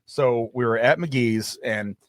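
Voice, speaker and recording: A man's voice: medium pitch, slow pace, dry recording. A man hosting a podcast in casual chat, rambling through stories and acting out what other people said. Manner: rambling storyteller who acts out other people's lines. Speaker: podcast host.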